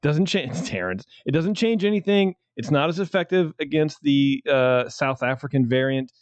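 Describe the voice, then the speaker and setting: A man's voice: a little high, expressive, moderate pace, no echo, muffled recording. A man hosting a casual podcast, joking as he reads out news. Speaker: podcast host.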